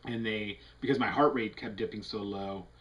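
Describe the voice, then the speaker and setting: A man's voice: on the low side, fairly even intonation, normal speed, fairly bright tone, rough recording. A man giving a casual, candid health update to a webcam, rambling through fillers and restarts in an earnest way. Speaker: vlogger.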